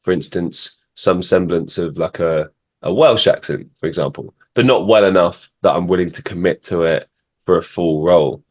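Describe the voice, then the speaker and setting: A man with a very low, deep voice hosts a podcast in an easygoing chat. He talks thoughtfully, rambling and circling back with restarts as he works through his points. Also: moderate pace, darkish tone. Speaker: podcast host. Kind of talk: casual interview chat.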